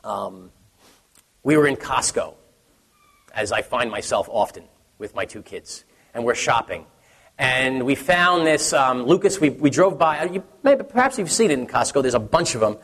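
Husky-voiced man preaching in a reverberant hall. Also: medium pitch, normal speed. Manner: conversational storytelling with many restarts, acts out his son's excited voice. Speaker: pastor. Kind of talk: sermon with personal story.

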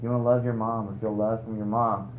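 A young man preaching a sermon at a conference, telling a story with lively rhetorical questions. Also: lowish voice, brisk, phone-quality sound, a little hiss or hum. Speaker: conference speaker. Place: conference hall. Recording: roomy hall echo.

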